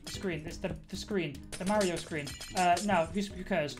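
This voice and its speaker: Young woman streamer, lowish voice, giggly rambling live gameplay chatter at a desk mic. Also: moderate pace, music in the background. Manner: rambling, giggly, self-mocking, many fillers. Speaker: Twitch streamer.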